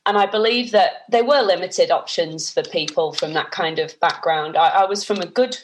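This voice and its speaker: A middle-aged woman, telling her story as an interview guest in an animated, chatty way. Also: fairly low pitch, normal speed. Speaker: actress guest.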